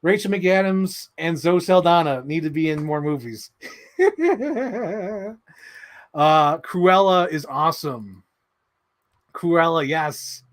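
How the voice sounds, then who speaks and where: Young man, slightly high voice, excitable, casual livestream chat, swears and laughs. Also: slow, pauses often. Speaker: livestream host.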